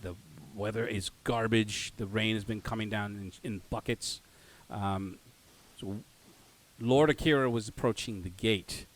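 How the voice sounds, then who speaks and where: A man's voice: on the low side, a little slow, slight background noise. A man narrating a tabletop game as game master, hesitant with many fillers and self-corrections.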